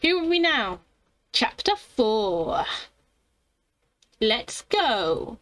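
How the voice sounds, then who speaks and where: A woman's voice: a little high, sing-song, extremely slow, fairly bright tone, no room sound. A young woman streamer giving playful, jokey commentary while playing a horror game. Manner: playful, jokey, reads game text aloud. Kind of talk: let's play commentary.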